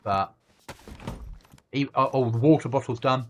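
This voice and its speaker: A man's voice: mid-range voice, unhurried, background noise. A man streaming a game, chatting casually with a friend and rambling through anecdotes. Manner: relaxed, rambling anecdotes with restarts. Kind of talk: casual chat while gaming.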